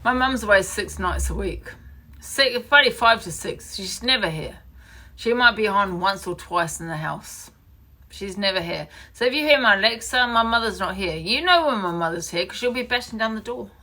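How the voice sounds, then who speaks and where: Angry woman with gravelly voice. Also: mid-range voice, animated, moderate pace, pushed and bright. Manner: angry, swearing, repeating accusations. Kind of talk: heated live-stream rant.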